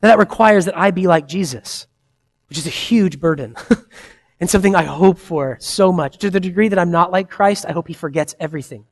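A man in his thirties preaching a sermon, earnest and conversational, swinging between loud emphasis and soft, quiet asides. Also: sits high, fairly quick. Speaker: pastor.

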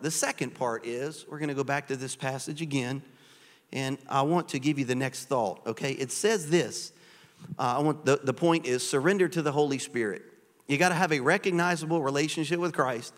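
A man preaches to his congregation, animated and conversational, peppering his talk with rhetorical questions. His voice sits a little high for a man. The sound carries the long reverb of a church sanctuary. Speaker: pastor. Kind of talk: sermon.

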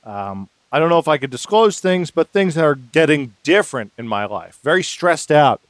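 A man hosting a podcast in casual chat, making sarcastic deadpan jokes between frequent hesitations. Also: a little high, normal speed, dry recording. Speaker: podcast host.

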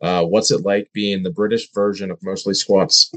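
A man's voice: deep voice, level tone, moderate pace, a bit bright, rough recording. A man co-hosting a casual podcast, reading out listener questions and swearing freely as he talks. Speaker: podcast co-host. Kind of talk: casual chat.

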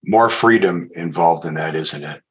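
A male podcast host with a very low, husky voice. He speaks in a measured way, affirming his guest's answers and steering the conversation. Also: a bit bright, poor audio. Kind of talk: interview questions and wrap-up.

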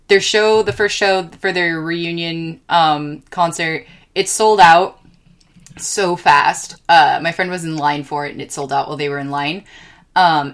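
A woman co-hosting a podcast in casual chat, rambling and excitable, with many fillers and restarts. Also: lowish voice. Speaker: podcast co-host.

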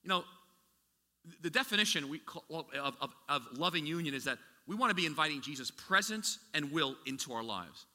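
A man's voice: on the high side, lively intonation, brisk, bright, forceful tone. A man preaching a sermon as pastor, talking in a conversational way with many restarts and asides. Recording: echoey hall with long reverb.

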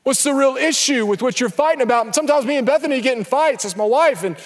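A young man preaching an energetic sermon to a church crowd, sometimes breaking into shouts. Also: very high voice, fast. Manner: energetic, building to shouts, with acted asides. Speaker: pastor. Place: large church hall. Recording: echoey church hall with long reverb.

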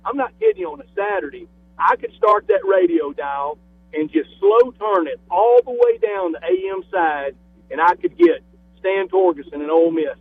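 A man's voice: high-pitched, vocal fry, husky. A man in his fifties with a Southern US accent, a guest on a radio show, talking with enthusiasm and often repeating his first words. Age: 50s. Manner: enthusiastic, repeats words when starting sentences. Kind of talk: casual phone chat. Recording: tinny phone line.

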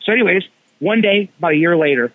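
A man guest on a wrestling podcast, telling stories in a casual, animated way, acting out what people said with slangy asides. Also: high voice, fast, no room sound. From Cleveland area. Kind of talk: casual storytelling chat. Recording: tinny phone line, dry.

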